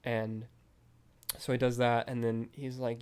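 A man's voice: mid-range voice, little pitch movement, measured pace, a little mellow. A man hosting a film review podcast, retelling a scene in a casual, rambling way full of fillers.

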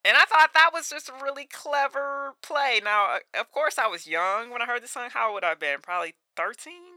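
A woman in her thirties with a very bright, high voice, co-hosting a casual podcast. She talks animatedly with lots of fillers and quick laughs. The sound is dry and close to the mic. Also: lively intonation, no room sound. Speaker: podcast co-host. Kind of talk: casual chat.

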